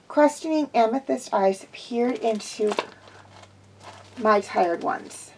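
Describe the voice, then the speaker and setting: A woman's voice: fairly high pitch, slow, pauses often, background noise. A woman reading a first-person fan fiction story aloud as an amateur storybook narrator who often slips and corrects herself. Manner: frequent slips and self-corrections.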